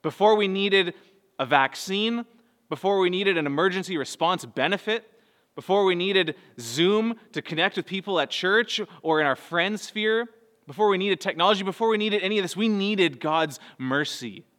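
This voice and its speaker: A man, preaching a sermon earnestly, moving between soft low passages and raised, urgent bursts. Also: lively intonation, normal speed. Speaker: pastor. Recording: long hall reverb.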